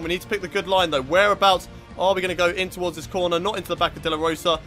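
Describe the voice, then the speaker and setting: A young man from Britain talks through his racing game run with a high voice and a bright, sharp edge. He swears freely and flares up loudly at drivers who get in his way. Faint game music plays underneath. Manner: frustrated, sweary, shouts at rival drivers. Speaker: gaming YouTuber.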